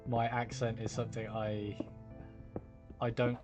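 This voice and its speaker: British man, livestreamer, rambling casual chat, deeper voice, music behind. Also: fairly even intonation, measured pace. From United Kingdom. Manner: rambling, reassuring, greets chatters by name. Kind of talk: casual live-stream chat with viewers.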